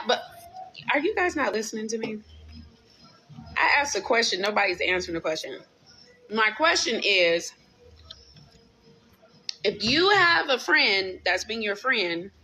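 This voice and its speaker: A livestream host in her thirties tells a personal story to her live chat, venting candidly and with profanity while often stopping to ask viewers for their opinions. Her voice is a little high, with a sharp tone and a breathy edge.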